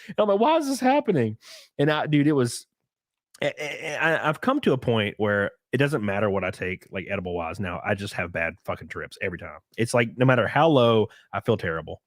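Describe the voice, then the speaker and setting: A young man in casual podcast chat, rambling through a story with lots of likes and restarts and sudden bursts of excitement. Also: fairly low pitch, brisk, no room sound, studio quality. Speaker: podcast guest.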